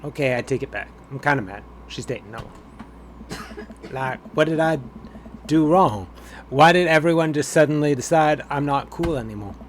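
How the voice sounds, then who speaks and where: Guy reading as a sad teen girl venting to her dad, game dialogue read flat, bit of road noise. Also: on the high side, moderate pace, natural voice. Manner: read aloud flatly from game text. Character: upset teenage girl confiding in her dad.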